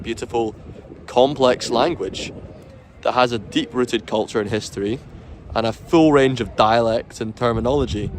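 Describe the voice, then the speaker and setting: A man's voice: mid-range voice, slight background noise. Opinionated man talking outdoors. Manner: opinionated, rambling, laughs at himself. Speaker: bagpiper vlogger. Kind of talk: casual opinionated talk to camera.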